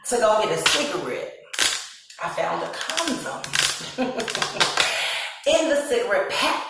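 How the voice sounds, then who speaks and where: A woman's voice: mid-range voice, a bit bright. A woman, casually telling her own story on a vlog, laughing often and acting out her past reactions in quoted asides. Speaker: vlogger. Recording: very echoey room, voice from a distance.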